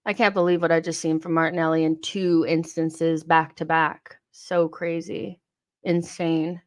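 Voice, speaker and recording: A young woman hosting a live football watchalong, reacting to the match, swearing and shouting at the players. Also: deep voice, flat delivery, unhurried.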